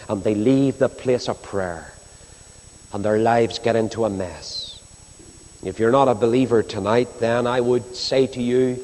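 A male preacher delivers a fervent sermon at a mid-range pitch, rising to ringing declarations and then dropping to near-hushed pleas. His voice rolls out into the long reverb of a large hall or church. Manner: fervent, swinging from loud declaring to hushed pleading.

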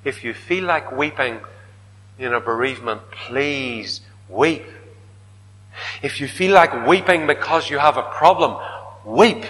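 Preacher guy, dramatic sermon, goes big then hushed, long echoey hall sound. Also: mid-range voice, a little slow. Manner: dramatic, swinging from loud declaiming to hushed whispers. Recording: reverberant hall.

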